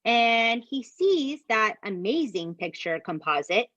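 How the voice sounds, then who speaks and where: Speaking slowly in a fairly high voice, a female podcast host tells a true-crime story casually, cursing freely and animatedly aiming outraged, emphatic asides at her co-hosts. It's a dry, slightly dull recording, like a home podcast mic with the highs rolled off.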